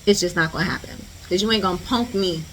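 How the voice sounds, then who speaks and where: Animated woman telling a storytime. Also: lowish voice, quick pace, a little hiss or hum. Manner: animated, slangy storytelling with lots of "like". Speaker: vlogger. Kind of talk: storytime vlog.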